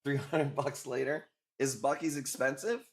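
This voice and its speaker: With a steady tone and moderate pace, a medium-pitched male voice carries a casual live coral auction. The host, an Illinois man, jokes around with viewers and swears freely.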